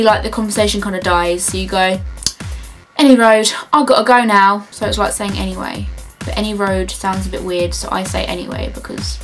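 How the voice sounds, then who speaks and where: A young woman with a southern English accent, chatting casually and animatedly in a vlog, with faint music behind her. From Brighton, southern England. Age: young adult. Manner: chatty and animated, jumping up in pitch for mock greetings. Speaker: vlogger.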